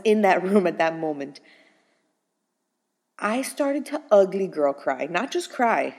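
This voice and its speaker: A young woman casually telling her pregnancy story in an animated, chatty way with plenty of fillers. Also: fairly low pitch, measured pace, big-room sound.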